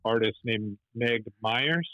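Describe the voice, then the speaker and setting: A man's voice: mid-range voice, takes it slowly, dry recording, muffled recording. A man as a podcast guest, telling stories casually with lots of restarts and checks for agreement. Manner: rambling, many restarts and "right?" checks. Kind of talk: casual storytelling.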